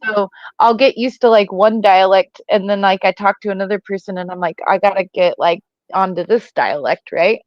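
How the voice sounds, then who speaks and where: A woman's voice: medium pitch, normal speed, few pauses, no room sound. Missouri woman, Missouri accent, livestream guest, rambling, slightly muffled sound. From Missouri, USA. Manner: rambling, heavy with "like" and "um". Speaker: co-host guest. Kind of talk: casual livestream chat.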